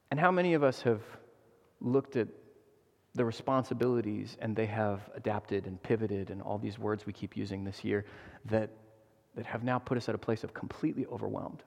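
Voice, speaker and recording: A man's voice: mid-range voice, gravelly. Earnest man preaching in a reverberant hall. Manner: earnest, animated storytelling, frequent restarts. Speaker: guest preacher. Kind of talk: sermon with personal stories.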